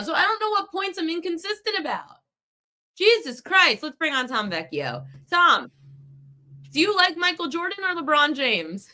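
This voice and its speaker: A woman's voice: very high voice, sing-song, moderate pace, sharp tone. A woman hosting a sports betting podcast, ranting heatedly at a commenter in a live chat. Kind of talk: live-stream betting talk.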